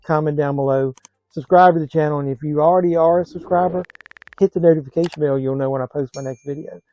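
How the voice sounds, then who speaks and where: A man's voice: fairly high pitch, fairly even intonation, fast talker, dull audio. A man giving a blunt, scathing movie review in a casual vlog, sounding exasperated.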